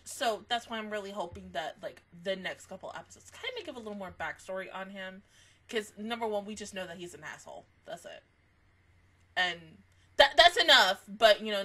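A woman giving a casual anime reaction review, excitable and swearing, swinging between laughter and mock crying. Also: mid-range voice.

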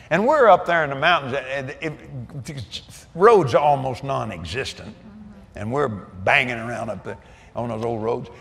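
A man's voice: a little high, gravelly. An older man preaching, telling a story with laughter and folksy asides. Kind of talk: sermon storytelling. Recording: echoey hall reverb.

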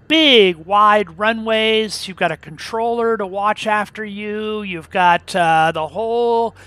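A man's voice: high voice, sharp tone, no room sound. Easygoing man giving flying advice. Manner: easygoing, instructive, rambling with fillers and restarts. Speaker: flight sim video host. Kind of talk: casual talk while flying a simulator.

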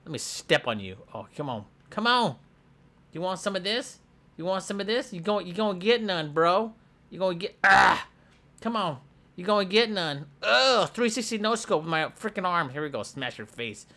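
A man's voice: on the high side, a little fast, hardly any pauses, full character voice. Bob, a man voicing a hyper boastful schoolboy. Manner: excitable, goofy, jumps between squeals and mutters. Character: hyper boastful schoolboy hero with a pet shark. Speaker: gameplay voice actor. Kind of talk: comedic game voiceover.

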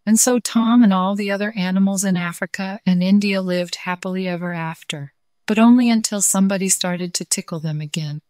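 A woman storyteller reading a children's story aloud in a gentle, clear way. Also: medium pitch, fairly quick, dry recording, studio quality.

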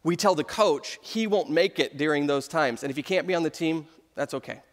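A man in his thirties preaches a sermon as pastor, telling stories with easy humor. His voice sits a little high for a man. It carries a long reverb from a large sanctuary. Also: brisk. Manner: storytelling with humor.

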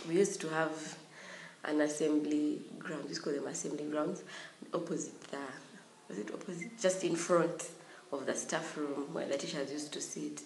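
A young woman telling a storytime vlog in a lively way, giggling often. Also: sits low, moderate pace, a little hiss or hum. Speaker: vlogger. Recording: roomy room echo.

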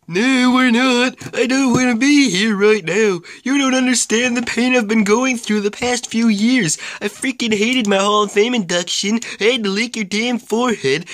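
A man's voice: very high-pitched, fairly bright tone, voice pushed up. A man voicing a grumpy male tag-team wrestler who bickers and complains about his partner. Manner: complaining, quarrelsome.

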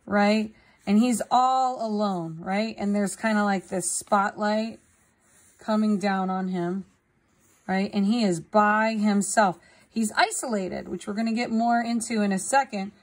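A woman art teacher talking casually through a drawing demonstration, often checking in with "right?". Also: medium pitch. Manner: casual, tags sentences with "right?".

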